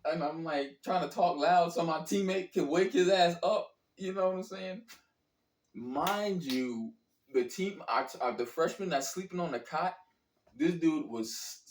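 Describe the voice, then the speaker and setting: A man telling a story casually, with lots of slang and profanity, acting out his own reactions as he goes. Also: mid-range voice. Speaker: storyteller recounting a college basketball trip. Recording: echoey room, distant from the mic.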